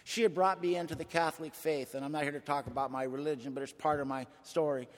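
A man's voice: fairly high pitch, steady tone, fast. An older man speaking at a recovery meeting, with a folksy, colloquial way of talking that swells with emotion. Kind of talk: personal testimony talk. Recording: echoey hall.

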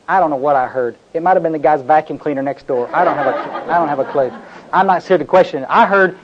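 A man from North Texas gives a confessional talk to a recovery meeting. His voice sits fairly high, and he keeps restarting sentences as he tells his story. The recording sounds muffled and lo-fi. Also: fast. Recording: dull, lo-fi recording.

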